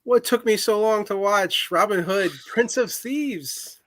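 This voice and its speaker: A man co-hosting a podcast in casual chat, enthusiastic and quick to laugh. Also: high-pitched, a bit bright, no echo.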